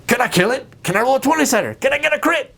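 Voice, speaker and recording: A man voicing an excitable male tabletop player who is itching to fight and keeps pushing eager questions. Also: extremely high pitch, fast, creaky, voice pushed up, exaggerated voice.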